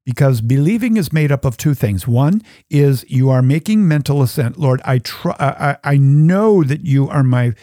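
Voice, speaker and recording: A middle-aged man hosting a Catholic talk show, earnestly teaching how to pray and softening into a hushed voice for the prayers. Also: mid-range voice, expressive, normal speed, few pauses, no echo, clean studio sound. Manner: earnest, drops to a soft, hushed voice when voicing prayers. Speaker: Catholic podcast host.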